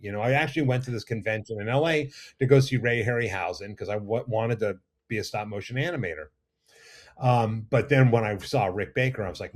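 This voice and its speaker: A middle-aged man, a makeup effects artist, telling animated, rambling stories as a guest in a casual interview. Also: on the low side, a little fast. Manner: animated, rambling anecdotes with restarts. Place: studio or lounge.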